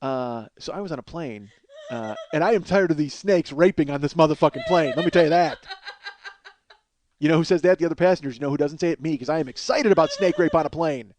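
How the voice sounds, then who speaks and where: Forties guy on his comedy podcast, kinda high voice, goofy rambling bits, cracks himself up. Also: quick pace, a little hiss or hum. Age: 40s. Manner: absurd running bits, loud bursts, laughs at own jokes.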